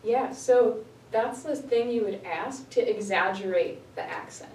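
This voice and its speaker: A woman's voice: medium pitch, unhurried, a little mellow. A woman teaching an English class, putting short questions to her students and laughing often. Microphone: camera far from the speaker. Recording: echoey noisy classroom from far off.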